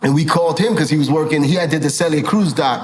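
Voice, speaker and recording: A man being interviewed as a director, telling animated stories, swearing casually and acting out what people said. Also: on the high side, fast, a little hiss or hum, low-quality recording. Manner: animated, swears casually, acts out quoted dialogue. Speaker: film and TV director, guest.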